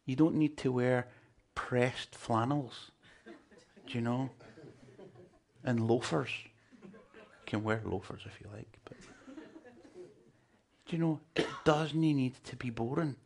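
A man's voice: medium pitch, takes it slowly, creaky, long pauses. A man preaching a sermon, emphatic and joking with his listeners. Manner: emphatic, humorous asides to the congregation.

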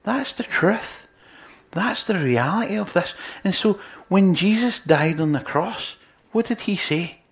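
A man preaching a sermon, earnest, moving between loud emphasis and quiet, near-whispered lines. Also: sits high, animated, measured pace.

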